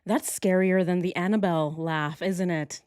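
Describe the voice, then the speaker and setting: A woman's voice: on the low side, fairly even intonation, normal speed, darkish tone, clear, resonant tone, no room sound, clean studio sound. A woman hosting a casual reaction stream, chatting with viewers and laughing often. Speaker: host.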